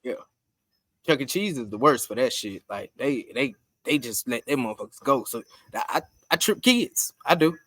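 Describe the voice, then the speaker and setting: A man co-hosting a podcast in loose casual chat, swearing freely and breaking into laughter as he tells stories. His voice sits at an ordinary middle pitch, and it is recorded close and dry with no room sound. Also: normal speed, no echo. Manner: profane, animated storytelling with laughs. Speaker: podcast co-host.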